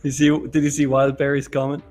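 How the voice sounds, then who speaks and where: Male co-host, casual and giggly, mid-pitch, faint music bed. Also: monotone, a little mellow. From born in the UK. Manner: laughs often, quick and loose. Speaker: co-host of live trading show. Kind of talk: casual chat reading viewer comments.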